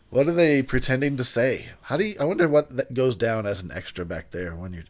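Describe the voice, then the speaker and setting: A tipsy man talks over a film in a loose, rambling commentary. He laughs often and lets his sentences trail and restart. His pitch leaps up when he jokes. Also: big pitch swings, moderate pace. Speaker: movie commentary host. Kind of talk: casual drunken movie commentary.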